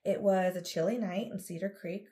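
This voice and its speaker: A woman co-hosting a casual podcast with her mother, chatty and quick to laugh while she sets up a true crime story. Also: fairly low pitch, fairly even intonation, dark tone. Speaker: podcast co-host; daughter of co-host, telling a true crime story. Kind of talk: casual chat.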